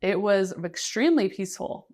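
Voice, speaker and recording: A woman's voice: mid-range voice, animated, moderate pace, a little mellow. A young woman from the United States, a freelance writer talking casually in an interview, chatty with many fillers and restarts. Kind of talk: casual conversation.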